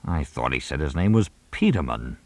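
A man doing a booming boozy old ham actor, grand and muddled, very dry sound. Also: sing-song, normal speed, no room sound, full character voice. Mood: pompous. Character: old drunk male stage actor, pompous and befuddled.

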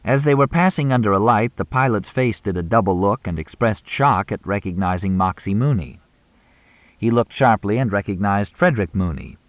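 A man with a low voice reads an audiobook in a measured, even manner. The sound is dry and close, with no room around it. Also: no echo. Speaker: audiobook narrator. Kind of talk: scripted narration.

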